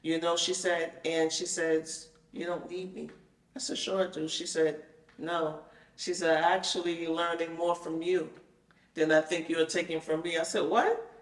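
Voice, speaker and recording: A woman telling her own story in a casual chat, animated and acting out the conversations she retells. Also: deep voice, normal speed. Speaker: guest telling her experience. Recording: roomy sound, mic at a distance.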